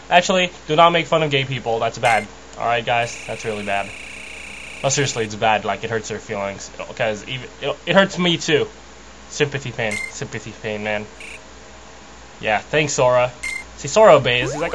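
A man's voice: animated, fairly quick, a bit bright, a little hiss or hum, rough recording. A young man casually commentating a video game, rambling and joking as he mocks the characters. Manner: rambling, jokey, mocks characters in squeaky put-on voices. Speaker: let's play commentator. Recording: game music underneath.

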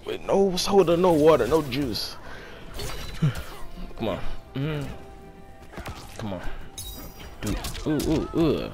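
A man giving excited play-by-play commentary as he plays a fighting game, groaning and exclaiming at every hit. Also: fairly high pitch, takes it slowly, pauses often, over music. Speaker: gaming channel host. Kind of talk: live gameplay commentary.

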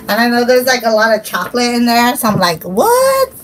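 A woman's voice: a little high, wildly swooping pitch, fairly quick, a little hiss or hum, low-quality recording. A young woman, hosting a casual livestream and chatting in a giggly, scattered, playful way. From Hawaii. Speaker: livestream host.

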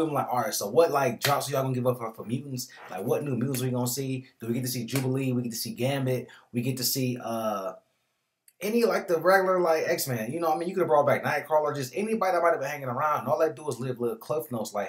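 A man hosting a casual movie review vlog, talking in a slangy, rambling way with joking asides. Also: medium pitch. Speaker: movie reviewer, show host.

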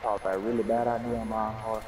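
A man's voice: lowish voice, little pitch movement, quick pace, background noise. A young man making tactical calls and swearing casually in a gaming chat. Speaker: gamer in party chat. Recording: distant mic.

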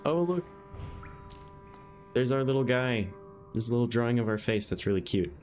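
With game music in the background, a young northeastern American man chats casually during a video game stream. His mid-range, darkish voice has lively intonation and a moderate pace, and his easygoing, rambling talk is filled with "um"s and "like"s.

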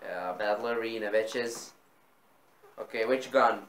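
A man in casual gaming banter, excitable, swearing often and repeating himself while he plays. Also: lowish voice, measured pace, reverberant, a little hiss or hum. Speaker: gamer.

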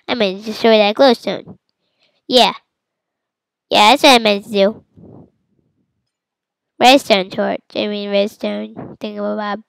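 A woman giving silly, playful commentary while playing a game, with sudden loud outbursts. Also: a little high, creaky, dry recording, low-quality recording. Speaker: gamer. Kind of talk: casual let's-play commentary.

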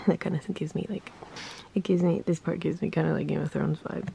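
A young woman talks in a soft, half-whispered vlog voice, croaky and gravelly from just waking up. Her tone is dark and mellow, full of easy "like" fillers. A faint hiss sits behind her. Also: deep voice, steady tone, brisk. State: croaky morning voice. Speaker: vlogger. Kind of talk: casual morning-routine vlog chat.

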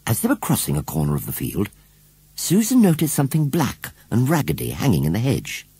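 Male audiobook reader, low and raspy, swooping animated delivery. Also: fairly quick, no echo. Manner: expressive, animated storytelling. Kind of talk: storybook narration.

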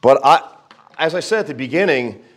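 A man's voice: a little high, lively intonation, fairly quick. A man preaching a sermon in a folksy, conversational way, with jokes and asides, reading scripture aloud and praying. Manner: reads scripture aloud and prays. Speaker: pastor.

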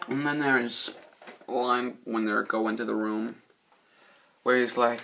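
A man's voice: medium pitch, steady tone, takes it slowly, vocal fry, long pauses, a little hiss or hum. A young man rambling casually through a film review, swearing often and losing his train of thought. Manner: acts out movie quotes in loud, shouty voices. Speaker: movie reviewer.

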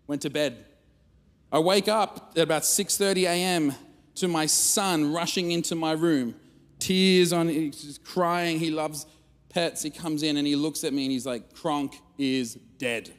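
A man preaching at church, telling a funny family story in an animated, self-mocking way. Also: a little high, unhurried. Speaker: guest speaker. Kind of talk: storytelling sermon. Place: church auditorium. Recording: long reverb of a church hall.

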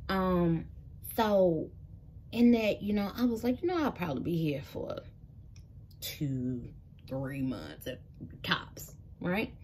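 Speaking slowly with frequent pauses, this woman in her thirties from Memphis has a fairly low, slightly mellow, animated voice. Her testimony vlog is chatty and aimed directly at "y'all," with a little hiss or hum in the recording.

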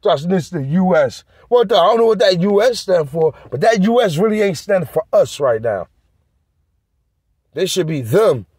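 A man's voice: high voice, very animated, normal speed, darkish tone, breathy edge, no room sound, studio quality. A man vlogging in a heated, profane rant aimed straight at his viewers. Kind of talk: ranting monologue to camera.

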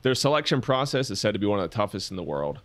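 A man's voice: fairly low pitch, big pitch swings, rapid-fire. A man co-hosting a casual podcast, going through his research notes with frequent fillers and joking asides. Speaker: podcast co-host presenting research.

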